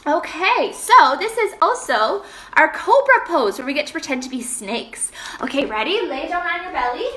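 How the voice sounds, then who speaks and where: A woman leads children through yoga poses in a high, bright voice that is slow and sing-song. She cheers and makes playful animal sounds. She sounds a little way off the mic in a very echoey room. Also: very animated, recorded from a distance, a little hiss or hum. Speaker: kids' yoga teacher.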